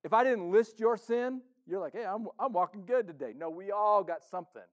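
A male pastor preaching a sermon in a conversational, playful way, acting out the congregation's thoughts and swinging between loud emphasis and soft asides. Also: high voice, expressive, fairly quick, muffled recording.

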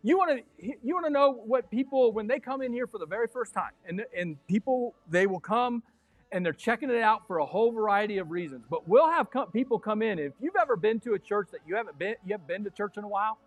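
A man preaching a sermon as pastor of his church, excitable and fiery, breaking into yells. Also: high voice, fast, dry recording, soft background music. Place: church sanctuary.

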